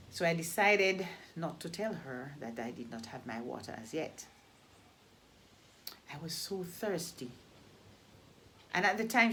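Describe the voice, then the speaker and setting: A woman from Jamaica with a Jamaican accent, telling a story in a deliberate way and repeating phrases for emphasis. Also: sits low, pushed and bright, a little hiss or hum. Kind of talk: oral storytelling.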